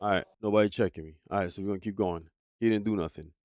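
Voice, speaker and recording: A man's voice: sits low, rapid-fire, a little mellow, soft background music. A man streaming live, talking heatedly and profanely to his chat as he reacts to a video. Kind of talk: casual livestream commentary.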